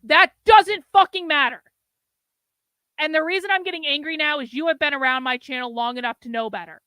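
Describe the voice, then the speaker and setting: Blunt, sharp-voiced woman stream host. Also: high voice, quick pace, no room sound. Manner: blunt, swears, exasperated lecturing. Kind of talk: livestream commentary.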